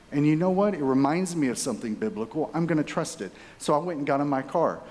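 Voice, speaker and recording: Animated man telling his story in a hall. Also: fairly high pitch, fast, few pauses. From Texas. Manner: animated, chatty, addresses audience directly. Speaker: keynote speaker. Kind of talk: conference keynote storytelling. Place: conference hall. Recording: reverberant conference hall.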